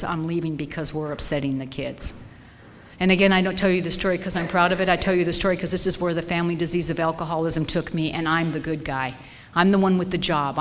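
A woman's voice: fairly low pitch, a little hiss or hum. A woman sharing her personal story at a recovery meeting, candid and emphatic, repeating phrases for weight. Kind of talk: personal testimony. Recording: reverberant hall with faint ambience.

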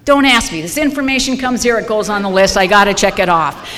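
A woman in her fifties from Southern California, sharing a wry, lively personal story with a support group meeting. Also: medium pitch, brisk. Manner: lively, wry, acts out her own reactions. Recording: long hall reverb, faint noise.

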